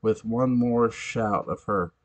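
A man reading a fan story aloud, slowly, with halting delivery and frequent self-corrections. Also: lowish voice. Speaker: story reader.

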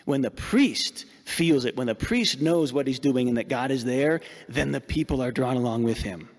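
A man's voice: medium pitch, animated, moderate pace, in a large hall. A man preaching a sermon as a priest, emphatic and repeating words as he searches for them.

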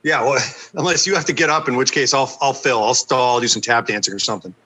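An easygoing man co-hosting a casual podcast, walking through details one step at a time. His voice is bright and clear, at a middle pitch for a man. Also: fast, low-quality recording. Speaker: podcast co-host.

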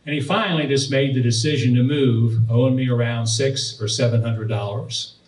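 A pastor preaching, telling a personal story and then reading and explaining scripture verses. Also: male voice, mid-range voice, moderate pace, a little mellow. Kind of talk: sermon. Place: church sanctuary. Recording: roomy, distant from the mic.

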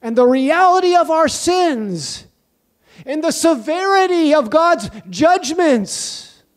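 Fervent high-voiced male preacher. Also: expressive, slow pace. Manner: fervent, emphatic repetition of phrases. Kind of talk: sermon with prayer.

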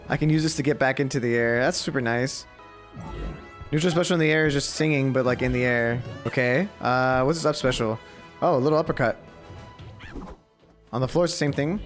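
A young man giving live gameplay commentary, excitable and prone to high squeals when something delights him. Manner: excitable, swings into high squeals over cute moments. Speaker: streamer.

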